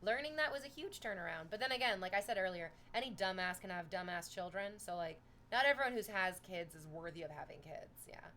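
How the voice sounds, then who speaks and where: A young woman streamer from Canada, chatting casually with her live chat, telling animated stories and swearing freely. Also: fairly low pitch, brisk, hardly any pauses, a little hiss or hum.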